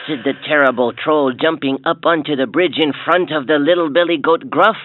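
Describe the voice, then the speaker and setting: A man narrating a children's storybook in a clear, expressive reading voice, on a tinny lo-fi toy speaker. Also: on the high side, moderate pace, hardly any pauses, no echo.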